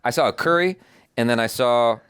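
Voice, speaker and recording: A man's voice: mid-range voice, brisk, fairly bright tone, clean tone, no room sound, clean studio sound. A man co-hosting a reaction show, chatting casually and telling jokey stories with plenty of swearing. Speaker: reaction channel co-host. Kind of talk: casual chat.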